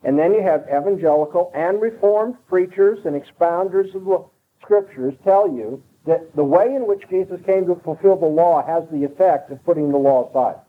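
A man's voice: high-pitched, normal speed. A man preaching an expository sermon, emphatic and driving his points home by repeating them. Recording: tinny phone-like broadcast sound.

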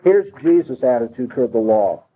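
A man's voice: mid-range voice, sing-song, a little fast, slightly rough. A man preaching an expository sermon, emphatic and driving his points home by repeating them. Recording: tinny phone-like broadcast sound.

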